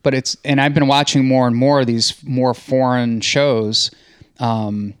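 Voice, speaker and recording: A man's voice: mid-range voice, fairly even intonation, measured pace, smooth, no room sound, studio quality. A middle-aged man hosting a casual panel chat, chatty and leading the discussion. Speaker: host.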